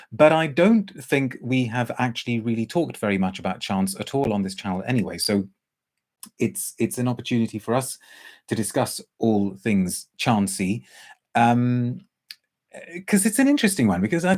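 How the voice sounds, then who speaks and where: A man's voice: mid-range voice, darkish tone. A man hosting a live perfume review, chatting casually, hesitating often and reading out viewer comments. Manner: chatty, hesitant, full of ums and restarts. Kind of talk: casual live-stream chat.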